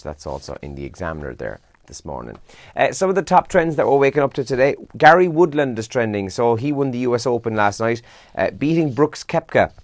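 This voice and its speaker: A man's voice: on the low side, no room sound. A young Irish man hosting a breakfast radio show, reading the morning papers and chatting casually, tired and yawning. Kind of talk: casual newspaper and trends roundup.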